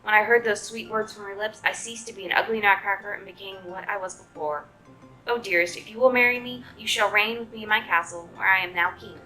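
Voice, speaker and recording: A woman's voice: mid-range voice, fairly even intonation, a little fast, bright, forceful tone, faint music behind, lightly acted. A woman voicing a gallant, courtly male Nutcracker prince in a storybook reading, speaking tenderly.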